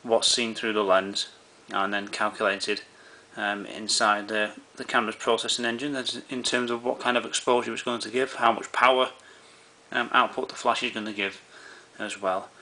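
Lower-voiced man explaining camera settings. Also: flat delivery, normal speed, pushed and bright. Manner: easygoing, many "um"s and restarts. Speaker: camera tutorial presenter.

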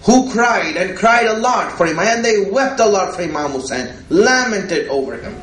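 A man's voice: high-pitched, expressive, moderate pace, a bit bright, a little hiss or hum. A man preaching a religious sermon, repeating himself and asking "right?" as he goes. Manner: repetitive, rhetorical, often asks "right?". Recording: echoey room.

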